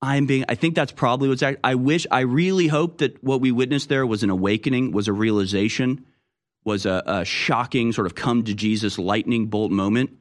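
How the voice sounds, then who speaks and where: A man's voice: mid-range voice, a little fast. A man with an American accent hosting a talk radio show, delivering a sarcastic, mocking opinion monologue.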